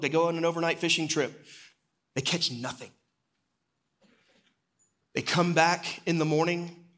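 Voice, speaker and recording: Man preaching a storytelling sermon. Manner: storytelling, drops low and quiet for solemn moments. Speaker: executive pastor.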